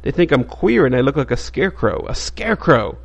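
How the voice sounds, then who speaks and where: Brief: a bitter, eccentric psychology professor, scornful and lecturing, in a mid-pitched voice, as read by a man. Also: sing-song, brisk, creaky, slightly rough, heavily acted. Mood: resentful.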